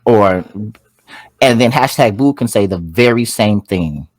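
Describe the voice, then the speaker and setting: A male podcast co-host in relaxed conversation. His voice rises and falls a lot as he acts out quick quotes. It sounds dry and close to the mic. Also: fairly low pitch, no echo. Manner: animated, acts out quotes, asks "you see what I'm saying". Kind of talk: casual chat.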